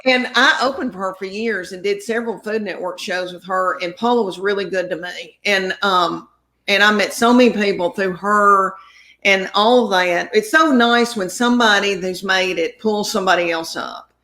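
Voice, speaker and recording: A woman's voice: medium pitch, normal speed. Woman comic, rambling storyteller, acts out quotes in a chatty interview. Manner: rambling, animated anecdotes with quoted dialogue. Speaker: comedian guest.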